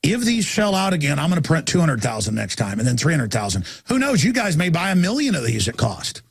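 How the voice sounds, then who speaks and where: A man hosting a talk radio show, delivering an impassioned ranting monologue that swings from shouts down to low murmurs. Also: big pitch swings, brisk, creaky, slightly rough.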